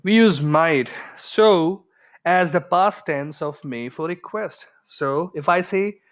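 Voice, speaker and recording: A man's voice: on the high side, slow pace. A man teaching an English grammar lesson in a chatty way, acting out everyday example dialogues. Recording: dull lo-fi recording.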